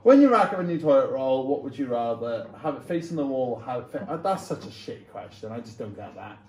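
A man's voice: medium pitch, big pitch swings, brisk, darkish tone. A young man hosting a casual game video, playfully reading out questions and swearing freely. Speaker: video host. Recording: roomy echoey room sound.

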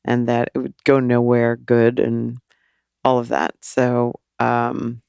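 A woman in her sixties, a teacher and author talking as a podcast guest in an animated, casual way. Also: extremely low pitch, slow, gravelly, clear, resonant tone, no room sound, clean studio sound. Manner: animated, acts out quoted voices and laughs often.

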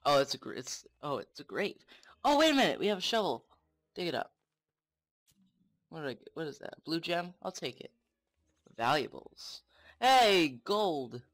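A young man commenting on his own game play, excitable and swearing often, talking to the game. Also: on the high side, moderate pace, pauses often. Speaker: gamer.

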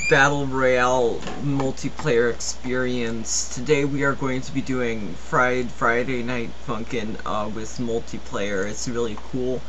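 A man's voice: medium pitch, steady tone, unhurried, few pauses, muffled recording. Hesitant male gaming host, noisy background. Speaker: video host. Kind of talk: casual gaming video intro.

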